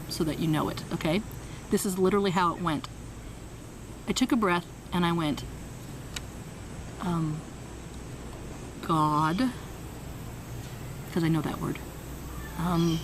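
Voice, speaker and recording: A woman guest in an interview, telling a story with lively energy and acting out the people she quotes. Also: lowish voice, slight background noise, poor audio. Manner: lively, acts out quoted voices. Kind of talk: animated storytelling.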